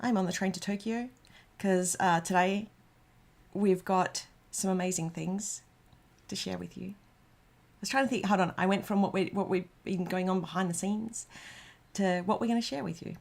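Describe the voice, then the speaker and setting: A woman's voice: medium pitch, a bit bright. An Australian woman hosting a casual livestream, chatting and rambling with lots of ums and restarts. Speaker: livestream host. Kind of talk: casual livestream chat reading out comments.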